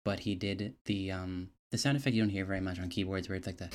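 A man's voice: sits low, fairly even intonation, quick pace. A man in casual podcast chat, laid-back and telling stories with laughs.

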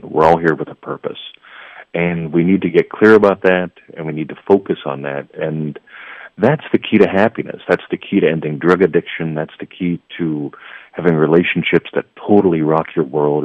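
A man's voice: sits low, no room sound. A man speaking as a radio guest and life coach, rambling with stammered restarts. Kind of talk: radio interview. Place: remote, heard over a phone line. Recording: tinny phone line, dry.

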